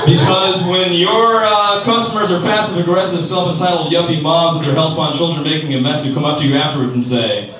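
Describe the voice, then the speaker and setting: A male stand-up comedian working a club crowd. His pitch leaps high for the punchlines and swoops all over. The mic sits far off in a very echoey room, with audience noise under him. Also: very animated, fairly quick, fairly bright tone.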